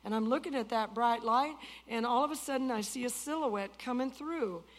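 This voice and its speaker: A woman in her sixties preaching a testimony, swinging from loud outbursts to hushed tones. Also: on the high side, normal speed. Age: 60s. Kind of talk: sermon testimony.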